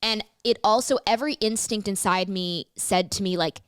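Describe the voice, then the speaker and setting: A woman's voice: medium pitch, moderate pace, smooth, no room sound, studio quality. A woman in her thirties, a comedian guest in an interview, telling her story animatedly and acting out phone calls in quoted voices.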